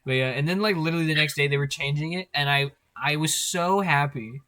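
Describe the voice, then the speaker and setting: A young man co-hosting a podcast, chatting casually in an animated way, swearing and laughing often. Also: a little high, brisk. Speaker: podcast co-host. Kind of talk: casual chat.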